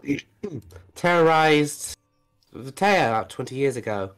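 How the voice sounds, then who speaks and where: An anxious young adventurer, played by a man, who stammers and keeps insisting she is fine in a tabletop role-play. The voice sits at a middling pitch. Faint music plays underneath. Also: expressive, measured pace, clear, resonant tone, lightly acted. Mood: uneasy. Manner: hesitant, stammering, brushing off worry.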